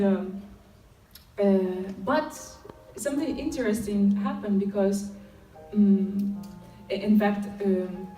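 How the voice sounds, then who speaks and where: A woman's voice: mid-range voice, warm tone. Woman in an echoey hall. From Ukraine. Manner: storytelling, acts out quoted dialogue. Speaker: conference speaker. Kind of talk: personal testimony talk. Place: conference hall. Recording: echoey hall, distant mic, faint music.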